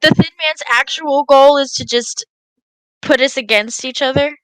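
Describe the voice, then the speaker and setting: A woman's voice: high voice, normal speed, no room sound, low-quality recording. A woman playing a tabletop game, musing playfully about the story. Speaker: player. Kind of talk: casual tabletop play.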